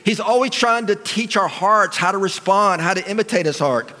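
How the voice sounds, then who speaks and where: Preaching a sermon in a church sanctuary, this pastor speaks with a fairly high voice for a man, at a moderate pace and with a sharp tone. He addresses the congregation casually and conversationally, repeatedly asking them questions. A long reverb from the big hall carries his words.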